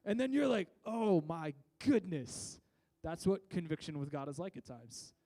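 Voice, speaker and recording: A high-pitched man delivers a sermon in a church. His tone is mellow and he talks conversationally, often restarting his sentences. He swings between loud emphasis and quiet asides. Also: sing-song, a little fast. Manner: rises and drops in loudness for emphasis. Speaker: preacher.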